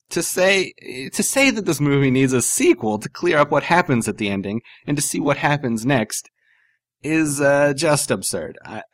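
A man co-hosting a podcast in casual banter, animated and sarcastic, laughing often. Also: mid-range voice, no echo. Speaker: podcast co-host.

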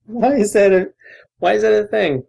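A man's voice: sits high, normal speed, creaky, a little mellow, slightly rough, low-quality recording. A man co-hosting a podcast in casual banter, wry and teasing. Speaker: podcast co-host.

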